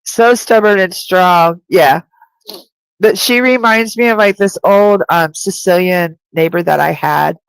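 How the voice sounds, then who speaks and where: A woman's voice: lowish voice, unhurried, smooth, no echo, low-quality recording. A woman working as a psychic medium who gives a live-streamed spirit reading. She talks in a chatty, rambling way, full of "like," with light laughter.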